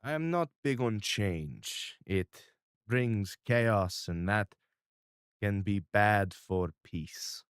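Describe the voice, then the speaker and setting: Guy doing a measured tubby town boss, deep-ish, slow and formal, dry. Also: animated, clear, resonant tone, no echo. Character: tubby, calm small-town boss man who dislikes change.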